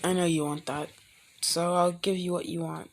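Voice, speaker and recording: A woman's voice: lowish voice, little pitch movement, normal speed, slight background noise, lightly acted. A woman voicing a brash, cocky teenage ninja boy with a boastful, teasing manner, over background music. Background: music playing.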